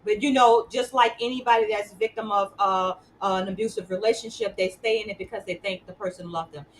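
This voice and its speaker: A woman's voice: medium pitch, fairly even intonation, fast, a little hiss or hum, rough recording. A woman hosting an interview show, talking conversationally and repeating words as she builds her points. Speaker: host.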